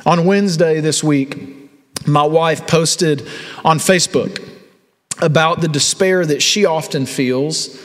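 A man's voice: a little high, slow pace. A man in his thirties preaching a sermon as a pastor, telling a story and acting out the voices in it. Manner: storytelling, acts out quoted voices. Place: church hall. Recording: long reverb of a large hall.

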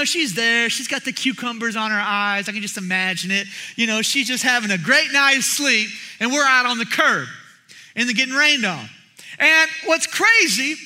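A young man preaching a sermon, telling a story with animated energy and bursts of shouting as he acts out others. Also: extremely high pitch. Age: young adult. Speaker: pastor.

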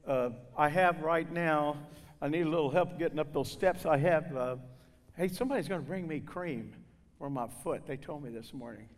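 An older man speaking to a gathering, telling humorous stories in a folksy, animated way and acting out the people in them. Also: fairly high pitch, moderate pace. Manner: folksy, animated, acts out voices. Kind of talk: humorous storytelling talk. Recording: long hall reverb.

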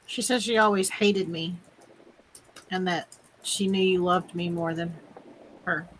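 A woman's voice: on the low side, fairly even intonation, a little slow, fairly bright tone, slight background noise, poor audio. A woman playing a tabletop game, plain and direct, partly speaking in character. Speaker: player. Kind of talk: casual tabletop chat and in-character talk.

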